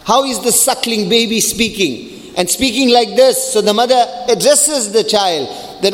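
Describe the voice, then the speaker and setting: A male preacher delivering an emphatic, rhetorical sermon, rapidly reciting Arabic verses between English explanations. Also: sits high. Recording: long hall reverb.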